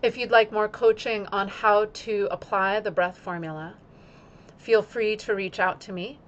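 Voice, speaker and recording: A woman yoga teacher speaking in an instructional video, using slow, deliberate phrasing timed to her breath. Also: medium pitch, fairly even intonation, dull audio.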